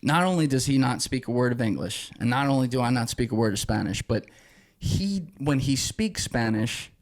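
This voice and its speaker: A man's voice: mid-range voice, expressive, normal speed. A young man, a podcast guest, telling a story casually and animatedly, cursing freely and acting out the people he quotes.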